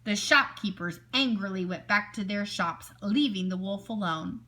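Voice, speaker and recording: A woman teacher reading a picture book aloud to children, expressive and asking her listeners questions. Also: mid-range voice, moderate pace.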